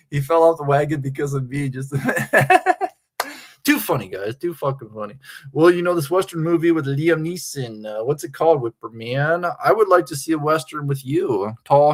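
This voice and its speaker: A man's voice: fairly high pitch, normal speed. Rambling, amused male streamer. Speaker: live streamer. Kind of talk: casual stream commentary.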